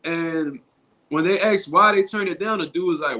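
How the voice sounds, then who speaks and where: A man with a slightly higher voice talks casually into his livestream. He speaks in loose street slang, restarting sentences as he goes. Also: normal speed, bright, forceful tone. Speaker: boxing commentary YouTuber.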